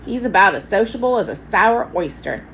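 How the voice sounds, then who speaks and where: A woman's voice: medium pitch, lively intonation, moderate pace, a bit bright, a little hiss or hum, low-quality recording. A woman reading a storybook aloud, voicing a blunt, doubtful young girl.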